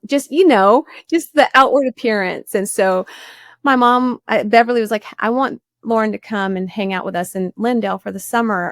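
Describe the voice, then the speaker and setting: A woman, recounting her past with earnest feeling as an interview guest. Her voice has a gravelly, fry-tinged texture. The sound is dry and close. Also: mid-range voice, no room sound. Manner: earnest storyteller, voice rising when moved. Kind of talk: personal testimony in a faith interview.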